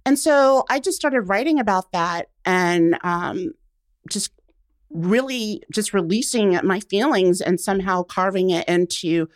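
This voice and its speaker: A woman around forty, a guest on a casual radio interview, telling stories with lively acted-out quotes. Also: medium pitch, measured pace, no room sound, studio quality. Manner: animated storyteller, acts out quotes. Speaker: guest, blogger.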